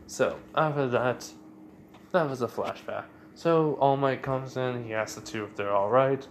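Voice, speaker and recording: A man's voice: medium pitch, a little slow, slight background noise. A man casually retelling a fan-made story in a rambling way, full of fillers.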